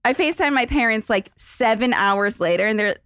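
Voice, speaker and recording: A woman host with a high voice that swings widely up and down as she chats. She laughs easily, and the close mic sounds dry. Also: lively intonation, a little fast, fairly bright tone, no room sound. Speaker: podcast host and vlogger. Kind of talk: casual podcast chat.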